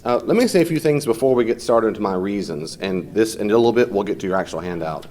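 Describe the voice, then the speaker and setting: A man's voice: lowish voice, lively intonation, fast, darkish tone. A man teaching a class in a conversational, off-the-cuff way, fielding questions from students and often mimicking people in short quoted voices.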